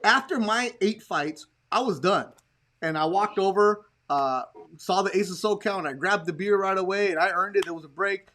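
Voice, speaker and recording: A man hosting a casual podcast chat, telling stories in an animated way and acting out the people he quotes. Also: high voice, normal speed. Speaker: podcast host.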